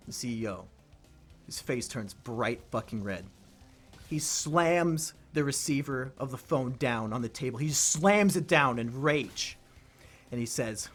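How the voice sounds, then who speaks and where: A man chatting casually with a friend while they play a video game, an animated storyteller who bursts into shouted impressions and laughter. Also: fairly high pitch, normal speed. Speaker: let's play co-host.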